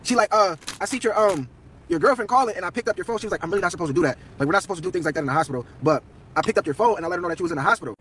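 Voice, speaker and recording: A man's voice: high voice, expressive, rapid-fire, a bit bright, a little hiss or hum. A young man telling a long personal story on a live stream, slangy and profane, quoting everyone in turn.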